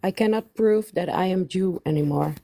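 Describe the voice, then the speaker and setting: A woman from the Netherlands with a strong Dutch accent, calling in to tell her family story, speaking haltingly with many pauses and fillers. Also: fairly low pitch, gravelly, mellow, no room sound. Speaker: caller.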